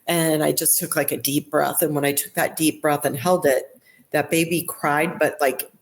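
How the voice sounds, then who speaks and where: Low-voiced woman telling a story. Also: fairly even intonation, moderate pace. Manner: recounts events with quoted dialogue and restarts. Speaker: neonatal nurse practitioner, podcast guest. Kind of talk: conversational interview storytelling.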